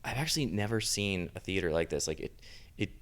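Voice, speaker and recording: Deep-voiced man telling rambling stories. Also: expressive, fairly quick, fairly bright tone. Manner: rambling, loose storyteller full of fillers. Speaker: podcast host. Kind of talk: casual chat.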